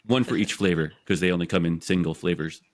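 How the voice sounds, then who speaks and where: A man co-hosting a podcast, talking in a halting way with lots of "um"s and restarts. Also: sits low. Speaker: podcast co-host. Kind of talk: casual podcast chat.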